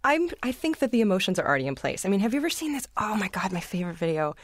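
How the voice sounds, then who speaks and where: A woman in casual podcast banter, spinning animated stories and slipping into quick voices for the people in them. Her voice sits at a middle pitch. The sound is dry and close, with no room around it. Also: no echo. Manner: animated storyteller, acts out quoted voices. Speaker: podcast co-host. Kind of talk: casual chat.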